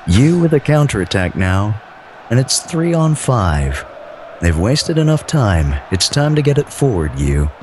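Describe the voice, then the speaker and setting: A man doing playful amateur football commentary in a smooth, mock-suave radio-announcer manner. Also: medium pitch, big pitch swings, a little slow, a little mellow, a little hiss or hum.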